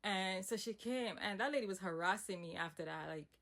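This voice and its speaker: A young woman tells a personal story in a casual storytime monologue, animated and emphatic, with asides along the way. Her voice is medium in pitch, brisk, and creaky.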